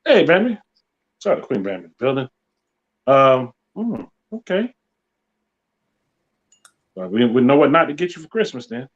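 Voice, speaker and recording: A man's voice: mid-range voice, sing-song, a little slow, pauses often, highs cut off. A man hosting a live podcast, bantering playfully with slang in a loose group chat. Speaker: podcast host.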